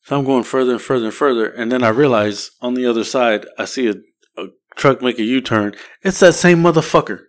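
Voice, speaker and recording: A man's voice: mid-range voice, fairly quick. A man, co-hosting a podcast and telling a rambling, profane story in casual chat. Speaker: podcast co-host.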